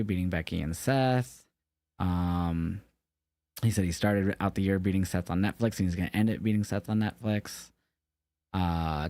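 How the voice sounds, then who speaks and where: Low-voiced man recapping wrestling casually. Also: darkish tone, dry recording. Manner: rambling, loose, swears casually, self-correcting. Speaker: podcast co-host.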